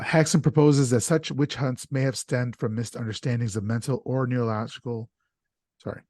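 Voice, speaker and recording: A man's voice: medium pitch, darkish tone, dry recording, clean studio sound. A man hosting a casual podcast chat, talking loosely and stumbling over names, with an easy laugh. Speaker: podcast host.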